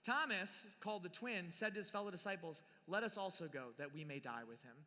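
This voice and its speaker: A man's voice: high-pitched, a little fast, sharp tone. A man giving a live sermon on scripture, playful and acting out the people in the story, recorded in a large hall. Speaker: youth speaker. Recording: live hall with long reverb.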